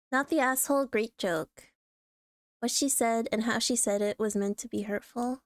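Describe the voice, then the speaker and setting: A woman with a fairly high voice, chatting casually on a live stream. She swears freely, clears her throat often and breaks into laughter. The sound is dry and close, with no room echo. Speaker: streamer reacting to online posts.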